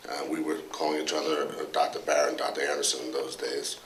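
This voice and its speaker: A middle-aged man, a doctor, giving a halting memorial speech in a large hall, with fillers and restarts. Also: rumbling low, little pitch movement, fairly bright tone, slight background noise. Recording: echoey hall from far off.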